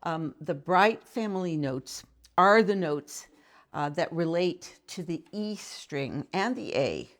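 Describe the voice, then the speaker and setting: A woman with a fairly low, sing-song voice speaks slowly as a violin professor explaining intonation. She is thoughtful and conversational, putting questions to the listener between short demonstrations, and violin playing is heard between her phrases.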